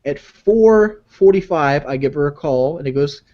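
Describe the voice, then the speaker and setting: A man's voice: expressive, normal speed, mellow. Stammering man on a lo-fi podcast. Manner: stammering, repeats himself, reads messages in a high mocking voice. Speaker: podcast guest reading texts aloud. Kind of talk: casual podcast banter. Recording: muffled lo-fi podcast audio.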